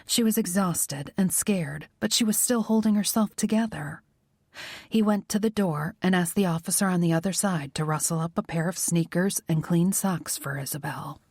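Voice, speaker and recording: A woman narrating a romance audiobook in a soft, measured reading. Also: fairly low pitch, gravelly, no room sound, studio quality. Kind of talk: scripted narration.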